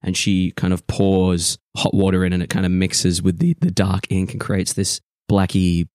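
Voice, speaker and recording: A man's voice: sits low, normal speed, a little mellow, no echo, clean studio sound. A man narrating a tabletop game as game master, rambling and loose, with many fillers.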